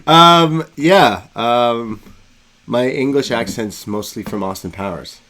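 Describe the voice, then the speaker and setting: A man's voice: mid-range voice, slow, a bit bright. A man co-hosting a live podcast stream, chatting casually and joking with frequent laughter. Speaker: podcast co-host.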